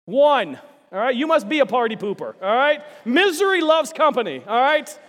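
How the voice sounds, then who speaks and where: A male pastor preaching a sermon, swinging between loud emphasis and hushed asides, often putting questions to the congregation. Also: very high voice, very animated, fairly quick. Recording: long reverb of a large hall.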